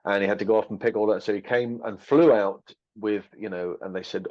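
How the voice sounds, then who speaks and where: Skeptical dry guy on a film podcast, lowish voice, kinda dull lo-fi sound. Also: fairly even intonation, brisk, few pauses. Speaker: podcast panelist. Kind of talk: casual film discussion.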